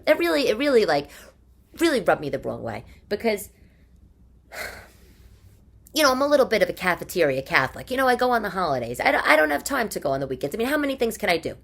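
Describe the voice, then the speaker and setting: A woman's voice: medium pitch, sing-song, fast talker, vocal fry, pauses often, a bit bright. A woman in her forties with a strong New York accent, hosting a casual monologue podcast in a chatty, exasperated, wisecracking way. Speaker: podcast host. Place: living room.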